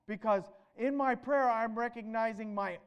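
A man preaching a sermon, animated, asking rhetorical questions and swinging between loud emphatic bursts and quieter stretches. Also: very high-pitched, normal speed, smooth, lo-fi sound.

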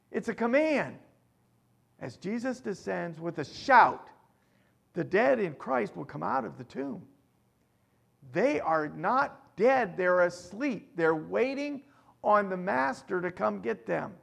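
A man preaching a sermon, swinging between loud emphatic lines and quiet asides as he reads and explains scripture. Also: high-pitched, vocal fry. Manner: reads scripture aloud with rising force. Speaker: pastor.

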